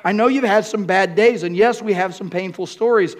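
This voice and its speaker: A man pastor preaching a sermon to a congregation, repeating key phrases and building up to shouts. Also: high-pitched, a little fast. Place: church room with congregation.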